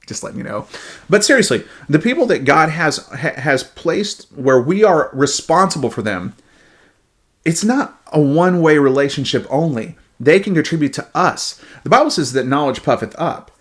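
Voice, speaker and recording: A man giving a devotional Bible talk in an animated way, often repeating words as he starts a thought. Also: a little high, moderate pace. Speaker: Bible teacher.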